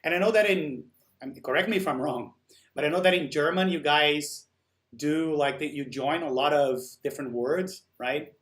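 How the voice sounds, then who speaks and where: Male live-stream host, a bit high-pitched, relaxed chatty delivery, reads and answers chat as he goes. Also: moderate pace. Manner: chatty, answers viewer comments while working. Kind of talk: casual chat with live viewers.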